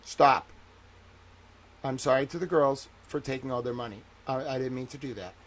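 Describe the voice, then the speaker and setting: A man from the Boston area hosting a livestream, ranting and pleading with his viewers, often swearing and slowing down to stress his words. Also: mid-range voice, slight background noise. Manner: pleading and repetitive, swearing, slows to stress each word. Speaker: livestream host. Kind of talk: impassioned solo livestream rant.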